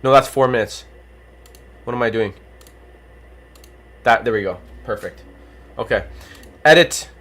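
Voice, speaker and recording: A livestream host who is losing his voice, calling a giveaway race with animated, rapid play-by-play. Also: medium pitch. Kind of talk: excited duck-race commentary on a livestream.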